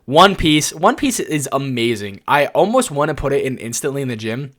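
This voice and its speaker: A young adult man giving casual tier-list commentary, telling rambling, excitable stories padded with lots of "like". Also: medium pitch, moderate pace. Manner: excitable, rambling storyteller full of "like". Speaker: anime YouTuber.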